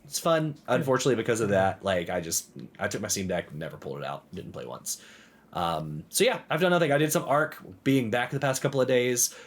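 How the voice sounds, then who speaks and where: A man co-hosting a podcast, telling gaming stories in an animated way, full of "like" fillers. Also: mid-range voice, brisk. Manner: animated storytelling with many "like" fillers. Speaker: podcast co-host. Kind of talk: casual chat.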